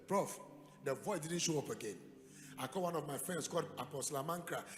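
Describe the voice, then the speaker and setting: A man's voice: a little high, fast talker, a crowd in the background. Ghanaian man preaching, echoey hall. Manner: dramatic storytelling, bursts into loud emphatic peaks. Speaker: pastor. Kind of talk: sermon. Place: church hall. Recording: echoey hall with music behind.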